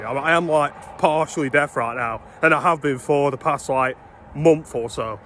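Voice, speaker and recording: This twenty-something British vlogger, speaking fairly quickly in a high-ish voice, swears and rants about his frustrations as he strolls down a street outdoors. Background noise is audible.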